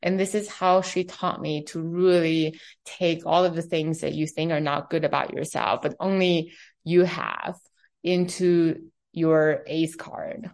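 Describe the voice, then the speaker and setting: A woman in her thirties from China, speaking English as an interview guest, telling her story in an animated way and acting out the dialogue. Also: low voice, unhurried, vocal fry. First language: Chinese. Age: 30s. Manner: animated, acts out quoted dialogue. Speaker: fashion company CEO, guest.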